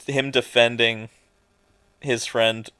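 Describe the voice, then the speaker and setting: Halting man on a podcast. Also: mid-range voice, flat delivery, pushed and bright, clean tone, no room sound. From England. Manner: halting, full of fillers and restarts. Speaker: podcast co-host. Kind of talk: casual chat.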